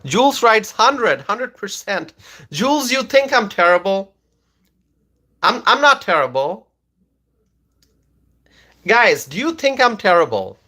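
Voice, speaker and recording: Man, slightly high voice, political livestream host, insistent, repeats himself, lots of uh and um. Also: very animated, unhurried, pauses often, bright, forceful tone. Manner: insistent, repeats phrases, many fillers. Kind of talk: livestream commentary reading chat comments.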